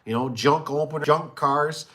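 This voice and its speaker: A man's voice: on the high side, moderate pace, a bit bright. Give me a middle-aged man rambling in a folksy, casual way about his trade. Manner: rambling, folksy, talks with many fillers and restarts. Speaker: garage door and gate business owner. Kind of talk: casual chat.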